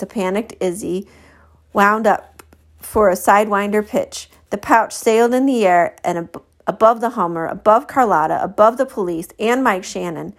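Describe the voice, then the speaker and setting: A woman teacher reading a children's novel aloud to a class, expressive and stopping to correct her slips. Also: medium pitch.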